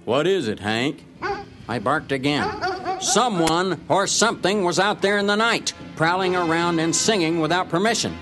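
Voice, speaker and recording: A man's voice: high-pitched, normal speed, music in the background. A man narrating a story in character as a cocksure male ranch dog, in a folksy, self-important manner.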